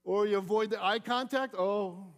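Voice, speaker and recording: High-voiced, animated male pastor preaching. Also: moderate pace. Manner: animated preaching, swings from loud emphasis to soft asides. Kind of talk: sermon.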